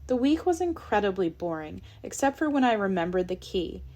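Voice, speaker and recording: A woman reading an audiobook chapter in a steady, measured narration. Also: mid-range voice. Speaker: audiobook reader. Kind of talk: scripted narration.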